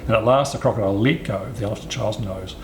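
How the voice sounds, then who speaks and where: A man reading a storybook aloud in an expressive, sing-song storyteller's manner. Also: fairly low pitch, quick pace, noisy background. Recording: roomy echo, faint ambience.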